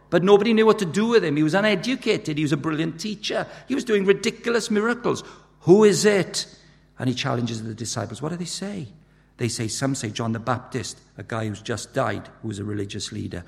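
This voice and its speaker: Gravelly preacher in a reverberant hall. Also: male voice, on the high side. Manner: urgent, emphatic preaching with sharp swings in loudness. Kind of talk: sermon.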